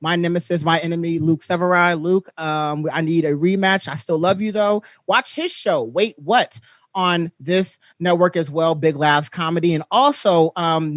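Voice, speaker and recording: A talk show host doing loose, upbeat sponsor reads and shout-outs on a live stream. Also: mid-range voice, no echo, studio quality.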